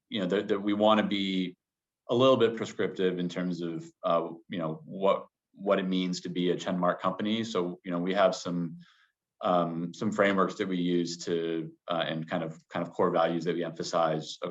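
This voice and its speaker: A man being interviewed as a business guest, answering in a measured way full of qualifiers. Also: deep voice. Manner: measured, hedging with many qualifiers. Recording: dull lo-fi sound.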